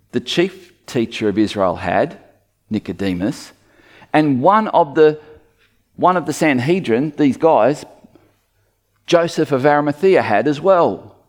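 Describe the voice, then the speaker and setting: Lively male preacher with animated pitch. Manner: lively, conversational, acts out quotes. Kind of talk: sermon.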